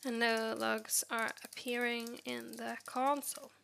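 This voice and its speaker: High-pitched gravelly woman muttering at her code, fed up with the ai tool. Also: little pitch movement, a little slow, a little hiss or hum. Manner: exasperated, talking back at the software. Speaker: tech vlogger. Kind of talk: screen-recorded coding commentary.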